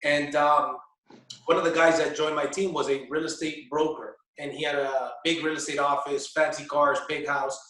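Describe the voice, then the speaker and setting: A man explains his views as an interview guest, pausing often with little fillers. His voice sits a bit high, and he sounds distant in a very echoey room. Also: level tone, a bit bright. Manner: hesitant, many fillers, explaining. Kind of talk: casual interview conversation.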